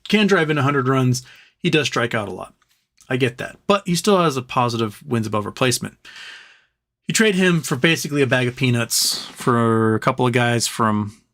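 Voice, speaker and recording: A man's voice: mid-range voice, fairly bright tone. A man hosting a casual livestream, thinking aloud and then ranting in an exasperated way. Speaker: livestream host.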